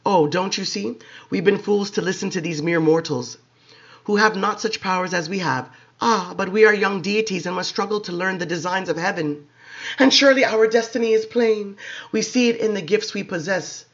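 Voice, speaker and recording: A man's voice: high-pitched, normal speed, a bit bright. A man voicing a raging, newly made vampire queen, accusing and wrathful, on a dull lo-fi recording. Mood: fervent.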